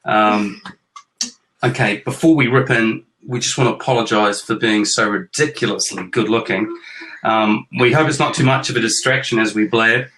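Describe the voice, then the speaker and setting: Jokey middle-aged New Zealand dad. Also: male voice, medium pitch, pushed and bright, slight background noise, low-quality recording. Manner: jokey, self-mocking, rambling. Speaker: host. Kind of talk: casual chat with his kids.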